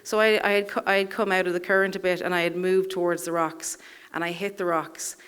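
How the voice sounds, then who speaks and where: A woman's voice: on the low side, level tone, a little fast, a bit bright, clear, resonant tone. A woman telling a personal story live on a theatre stage, in a wry, self-deprecating way, chuckling through her lines.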